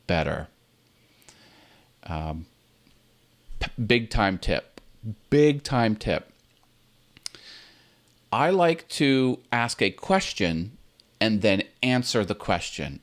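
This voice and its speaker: A relaxed man chats casually as he hosts his own video channel, sharing tips and acting out how a sentence should sound. His voice comes through a computer's built-in webcam in a home set full of toys and games. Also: mid-range voice. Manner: relaxed, chatty, demonstrates with own intonation. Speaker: YouTube channel host.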